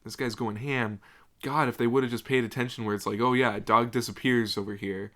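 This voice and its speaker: A man's voice: medium pitch, steady tone, brisk, fairly bright tone. A young man co-hosting a podcast, chatting casually and laughing often as he retells film scenes. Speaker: podcast co-host.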